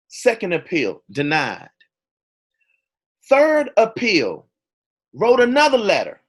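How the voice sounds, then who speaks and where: A man telling a personal story to an audience as a motivational speaker, animated and dramatic. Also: on the high side.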